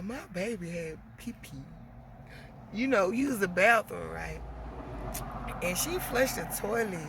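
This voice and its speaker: A woman's voice: medium pitch, noisy background. A woman with young kids venting casually to her viewers, swearing freely and calling them y'all. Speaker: vlogger.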